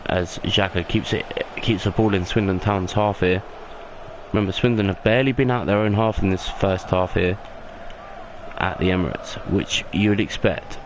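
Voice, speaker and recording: A young man commentates on his own video game football match, in a lowish voice that climbs with excitement at the big moments. His casual play-by-play comes through a home recording with plain background noise. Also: moderate pace. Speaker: gaming YouTuber. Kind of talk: mock football commentary over gameplay.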